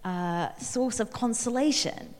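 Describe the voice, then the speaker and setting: A woman giving a sermon, reflective and storytelling in tone, with pauses and small fillers as she works through her thoughts. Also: on the high side, a little mellow. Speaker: preacher. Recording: long hall reverb.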